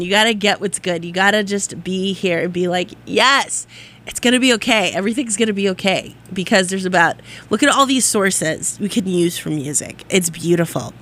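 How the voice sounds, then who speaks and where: A woman's voice: medium pitch, pushed and bright. A woman hosting a radio show in a studio, talking in an effusive, rambling, upbeat way. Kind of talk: casual on-air monologue.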